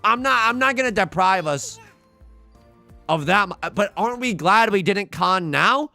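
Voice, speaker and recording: Lively, gravelly young man streaming a game. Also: high voice, unhurried, no room sound, soft background music. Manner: playful, jokey, talks to chat. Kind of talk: live game commentary.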